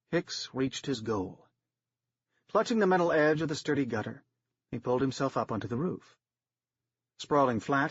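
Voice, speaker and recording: A man narrating an audiobook in a steady, wry storytelling manner, in a dry, slightly dull recording. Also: medium pitch, breathy edge, no echo.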